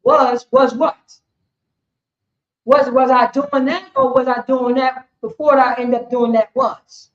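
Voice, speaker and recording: A man's voice: extremely high pitch, flat delivery, slow. A man giving rambling scripture teaching, constantly asking "you know what I'm saying". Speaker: religious teacher. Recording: echoey room, dull lo-fi sound.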